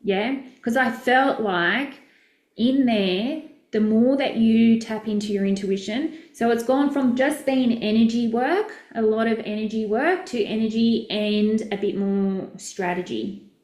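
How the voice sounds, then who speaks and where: A woman's voice: on the high side, measured pace, a little mellow, reverberant. A woman, a business coach, chatting casually and effusively with viewers during a live session, rambling and correcting herself as she goes.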